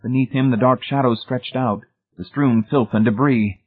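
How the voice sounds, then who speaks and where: A man reading a suspenseful story aloud in a measured, scripted narration, heard over a tinny, phone-like recording. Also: medium pitch, fairly even intonation, breathy edge. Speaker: audiobook narrator.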